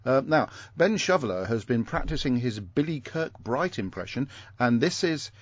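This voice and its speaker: A man's voice: medium pitch, big pitch swings, moderate pace, dry recording, muffled recording. A man hosting a podcast in a jokey, teasing way as he steers the conversation between segments. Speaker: podcast host. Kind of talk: casual podcast chat.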